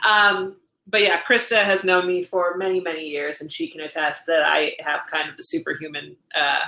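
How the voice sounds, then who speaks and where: A woman in her thirties, co-hosting a casual podcast with a bright, forceful voice. She talks quickly from thought to thought and slips into little put-on voices to quote people. The room has a noticeable echo. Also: low voice, vocal fry. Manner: chatty, laughing often, quotes people in animated voices. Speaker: podcast co-host. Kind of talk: casual chat. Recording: roomy echo.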